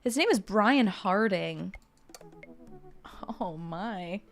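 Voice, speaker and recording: A woman's voice: mid-range voice, animated, takes it slowly, long pauses, soft background music. A young adult woman streaming a video game, chatting casually and playfully while reading the game's text aloud. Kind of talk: casual game playthrough commentary.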